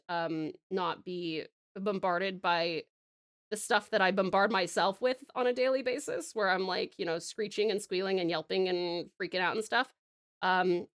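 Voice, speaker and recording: A woman's voice: on the low side, clear, resonant tone, no echo, studio quality. A woman with an Australian accent from Tasmania, chatting casually on a live art stream and rambling with lots of "um" and "like". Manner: calls her viewers sweet pet names. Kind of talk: casual live-stream chat while drawing.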